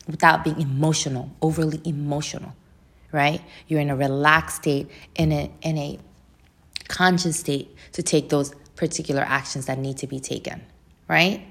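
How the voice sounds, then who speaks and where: A woman's voice: deep voice, creaky. A woman hosting a talk, sharing self-help strategies in a casual teaching style, often restarting phrases and adding "right?". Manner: frequent restarts and "right?" tags. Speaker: host.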